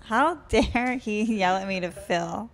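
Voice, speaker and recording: A woman in her thirties co-hosting a comedy podcast, chatting casually and teasing, with loud bursts of mock outrage. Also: mid-range voice, takes it slowly. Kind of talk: casual banter.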